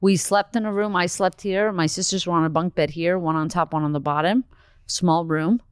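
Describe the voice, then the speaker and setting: A woman from Canada, a comedian guest, telling a story in a lively, swearing, casual podcast chat. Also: lowish voice, clear, resonant tone, no echo. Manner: animated storytelling, swearing, quick asides.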